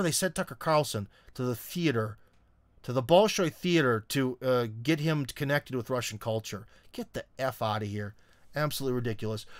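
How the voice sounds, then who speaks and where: A man's voice: mid-range voice, clean tone, no room sound. Opinionated man hosting a live Q&A. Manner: opinionated, sarcastic, conversational. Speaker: host. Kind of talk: livestream answering viewer comments.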